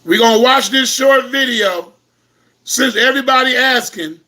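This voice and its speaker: A man giving an impassioned, preaching-style lecture to online viewers, repeating himself and breaking into shouts. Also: very high voice, normal speed. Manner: impassioned, repetitive, bursts into shouting. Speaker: host of an online talk.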